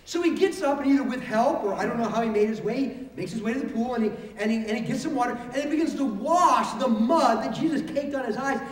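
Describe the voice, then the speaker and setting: Animated high-voiced man preaching in a hall. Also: brisk. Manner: animated, acts out voices of the story. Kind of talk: sermon storytelling. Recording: roomy hall recorded from a distance.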